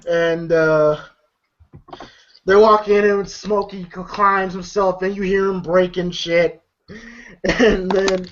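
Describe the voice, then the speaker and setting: A man's voice: sits high, a bit bright, slight background noise. Male podcast host, talkative recap style, dull lo-fi recording. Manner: rambling retelling full of fillers and laughs. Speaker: movie review host. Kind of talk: casual chat recapping a film.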